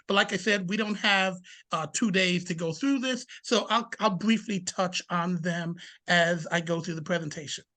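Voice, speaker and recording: A man's voice: sits high, pushed and bright. A man presenting a workshop for fathers, speaking with emphasis, asking rhetorical questions and repeating key points. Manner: shifts into anecdotes, sometimes restarts words.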